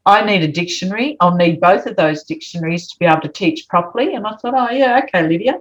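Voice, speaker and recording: Here a fast-talking woman with a fairly low voice plays guest, spinning a conversational story and lively voicing each character she quotes. She's Australian, and the audio has a muffled, low-fidelity quality.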